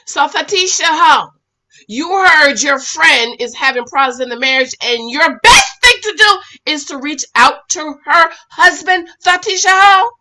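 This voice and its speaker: Sassy bright-voiced woman recapping TV. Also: sits high, a little slow. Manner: sassy, scolds the people on screen; animated, switches between loud and quiet asides. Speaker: reality TV reviewer. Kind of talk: casual recap commentary.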